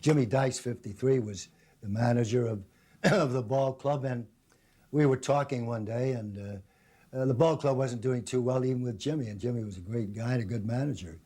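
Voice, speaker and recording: An older former ballplayer recalling a conversation in an interview, in a conversational way. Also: male voice, medium pitch, normal speed, mellow, husky. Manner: conversational, retelling dialogue. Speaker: former player and manager interviewee. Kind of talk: interview reminiscence.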